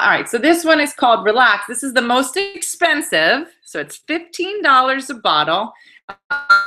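A woman's voice: medium pitch, bright, forceful tone. A middle-aged woman hosting a live wine-tasting stream, chatting casually, laughing and reading viewer comments aloud. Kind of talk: casual livestream chat.

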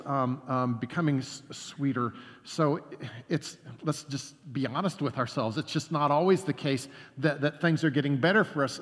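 A male pastor delivers his sermon from the sanctuary, his voice ringing out into a long church reverb. He speaks earnestly, at a mid pitch, and slows down to drop soft on the words that matter most. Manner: earnest preaching, slows down and drops soft on key phrases.

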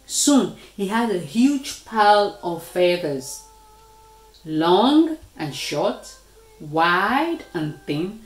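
A woman reading a children's story aloud in a slow, expressive way. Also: lowish voice. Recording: echoey room.

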